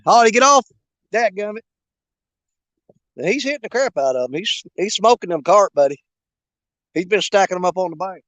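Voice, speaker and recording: Man, high-pitched, casual joking livestream host by the riverbank, dry close sound. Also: animated, moderate pace, pauses often, no room sound. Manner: folksy, joking, rambling with fillers. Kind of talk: casual live chat while bank fishing. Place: outdoors on a riverbank at dusk.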